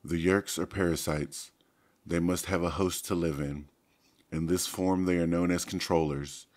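A man voicing a dying, gentle alien warrior who speaks telepathically in slow, formal sentences, for an audiobook. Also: sits low, fairly even intonation. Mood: solemn. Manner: slow, solemn, formal speech.

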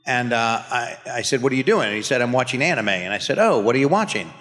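A man at a convention panel spins a relaxed story about his family, voice at an everyday middle pitch. His words ring out through a PA with a long reverb tail in a big hall. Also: fast. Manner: relaxed anecdotal, laughing at his own story. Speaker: voice actor panelist.

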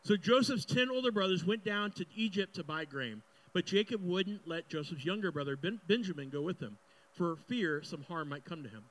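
A man's voice: high-pitched, animated, moderate pace, a bit bright, rough recording. A young man preaching a sermon as pastor, reading scripture aloud and breaking into casual, joking asides.

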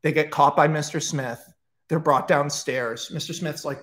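A screenwriter telling a film pitch in a casual, rambling, profane storytelling style, full of energy and asides. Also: male voice, steady tone, normal speed, a bit bright.

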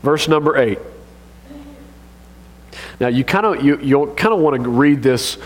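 A man preaching a sermon as pastor, animated and joking in a conversational way. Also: on the high side, unhurried, a little hiss or hum. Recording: long reverb of a church hall.

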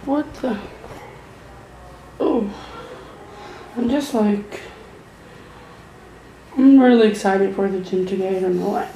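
A woman's voice: medium pitch, slow, long pauses, mellow, a little hiss or hum, rough recording. A young woman chatting casually in a home vlog, talking hesitantly with many fillers and restarts. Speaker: vlogger. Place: home bedroom with window open.

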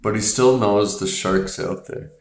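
A man hosts a casual movie review in an echoey room, rambling, swearing, and leaning on filler words. His voice is fairly low with vocal fry, and he speaks a little slowly. He laughs often and acts out scenes.

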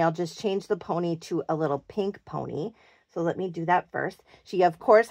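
A woman's voice: mid-range voice, darkish tone, no echo, studio quality. A woman chatting casually as she shows off doll clothes, gushing and cooing over every little detail. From Minnesota, USA. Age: adult, works in a clinic. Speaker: doll collector vlogger. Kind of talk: casual show-and-tell chat.

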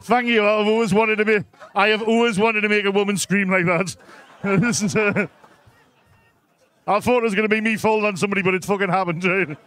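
A man's voice: high voice, steady tone, brisk, fairly bright tone. A man with a Geordie accent doing a live stand-up set in a comedy club, telling a crude story with constant "right?" asides to the crowd.

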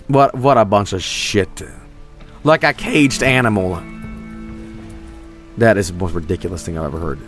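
A young man streaming a video game, swearing and reacting loudly to what happens on screen. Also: lowish voice, normal speed, long pauses, faint music behind. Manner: excitable, swears a lot, yells at the game. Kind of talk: live game commentary.

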